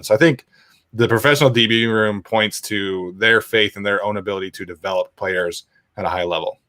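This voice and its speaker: A man's voice: lowish voice, fairly quick, a bit bright, no room sound, studio quality. A young man hosting a casual sports podcast, reading out viewer questions and rambling with lots of fillers. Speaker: podcast host.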